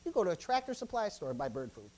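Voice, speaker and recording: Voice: mid-range voice, big pitch swings, very fast. A preacher, delivering an impassioned sermon with repeated phrases and questions put to the congregation. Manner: impassioned, swings from loud exhortation to quiet asides.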